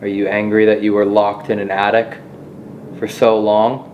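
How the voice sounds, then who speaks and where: A man investigating the paranormal who speaks to a spirit in a slow, soothing, apologetic way. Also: lowish voice, little pitch movement, lo-fi sound, a little hiss or hum. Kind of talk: calling out to a spirit.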